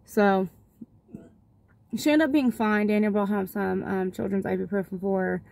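A woman's voice: mid-range voice, steady tone, normal speed, creaky, darkish tone, no echo. Chatty mother telling a story. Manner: chatty, rambling, many fillers and restarts. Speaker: vlogger and mother. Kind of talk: casual storytelling vlog. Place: car.

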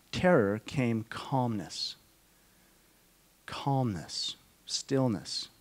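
A middle-aged man speaking to a conference audience, telling a personal story in a slow, halting, deeply emotional way, often dropping to a hush. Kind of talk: personal testimony talk to an audience. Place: conference hall.

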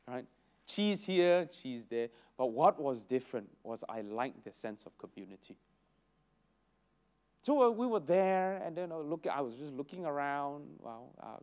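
A man teaching a church Sunday school lesson, telling stories with lively exclamations. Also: a little high, clear, resonant tone. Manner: animated storytelling with exclamations. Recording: dull lo-fi recording.

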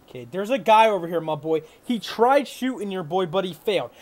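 High-voiced hyped young gamer guy. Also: normal speed. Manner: hyped, boastful, yells when excited. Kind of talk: live gameplay commentary.

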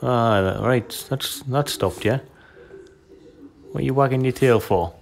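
A man's voice: medium pitch, slow, creaky, a little hiss or hum. A man talking to his pet dog at home in a coaxing, sing-song tone. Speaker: pet owner.

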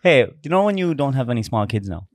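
A man's voice: mid-range voice, sing-song, quick pace, no echo, studio quality. An Irish man in his thirties hosting a podcast, teasing his guests with questions and laughing a lot. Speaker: podcast host. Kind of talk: casual podcast chat.

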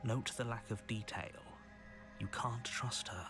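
An actor playing a stern, wary male narrator in a game, speaking measured warnings with a dry edge. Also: mid-range voice, lightly acted. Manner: measured, warning, dryly sardonic. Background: game music.

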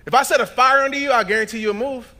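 A man in his thirties giving a motivational keynote speech on stage, telling stories with acted-out dialogue and building up to shouted points. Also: extremely high pitch, fast talker. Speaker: motivational speaker. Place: large event hall.

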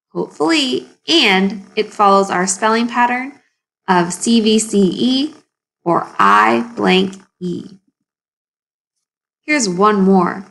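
A woman teacher takes young pupils through a phonics lesson at a very unhurried pace, stretching each sound apart. Her voice is bright and forward, with a gravelly fry at the ends of phrases, and she keeps asking the class encouraging questions. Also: mid-range voice. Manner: slow, exaggerated sounding out of words.

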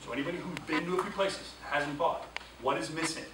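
A male sales trainer leading a classroom training session, energetic and quizzing the class with questions. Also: fairly high pitch, brisk. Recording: echoey room, distant mic, background noise.

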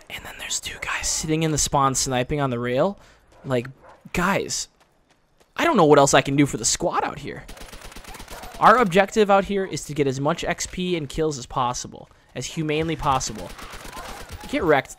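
A man giving live gameplay commentary, excitable and trash-talking, with sudden frustrated outbursts. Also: mid-range voice, a little hiss or hum. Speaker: gaming channel host.

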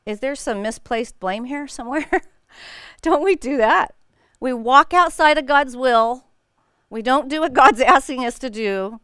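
Middle-aged woman, Bible study teacher, casual and laughing, smooth clear voice, dry close mic. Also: sits high, unhurried, no echo. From United States. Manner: animated storytelling with frequent laughs.

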